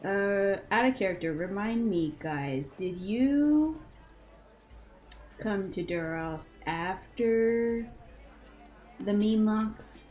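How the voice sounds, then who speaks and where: A woman runs a tabletop game as game master, with a mid-height voice. Her narration is chatty and loose, with lots of fillers and pitch that rises and falls freely. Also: lively intonation, extremely slow, long pauses, darkish tone. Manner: chatty, with many fillers and restarts.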